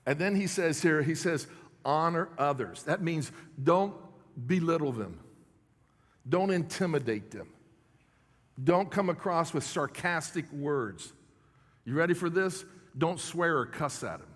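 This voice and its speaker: A man's voice: a little high, animated, a little slow, a bit bright, long reverb tail. A middle-aged male pastor delivering a sermon in a conversational style, often checking in with his congregation. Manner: conversational preaching with audience check-ins. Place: church sanctuary.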